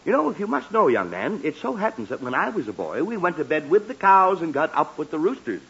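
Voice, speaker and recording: A man's voice: a little high, sing-song, a little fast, vocal fry, a bit bright, husky, muffled recording, exaggerated voice. An actor playing a flustered, easily exasperated middle-aged father in a 1940s radio comedy, stammering and sputtering. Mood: lecturing. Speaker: family father in a sitcom. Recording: hissy old radio recording.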